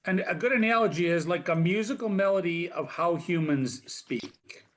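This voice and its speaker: A man's voice: sits high, moderate pace. A man co-hosting a live workshop, asking playful questions and cracking jokes. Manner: joking, asks playful questions. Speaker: workshop co-host.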